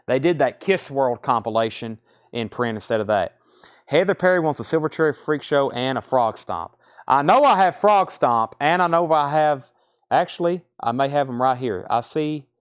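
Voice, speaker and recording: A man with a Southern US accent hosting a live record sale, reading off titles, grades and prices and thinking aloud as he goes. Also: medium pitch. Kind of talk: live-stream sales patter. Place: record store.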